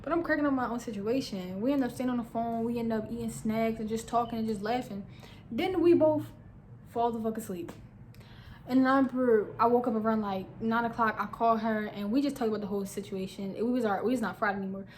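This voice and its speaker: A woman's voice: fairly high pitch, brisk, a little mellow, slight background noise. A young woman vlogger telling a funny personal story in slangy casual talk, acting out her own lines. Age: young adult.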